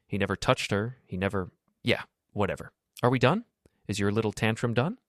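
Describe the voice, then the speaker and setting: A man's voice: lowish voice, brisk, a bit bright, dry recording, studio quality, close to an everyday voice. A man voicing a panicky, defensive young man who blusters and repeats himself. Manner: rattled, repetitive blustering.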